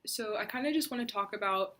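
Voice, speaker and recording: A young woman vlogger telling a personal faith story in an earnest, reflective way, with soft pauses and fillers. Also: medium pitch.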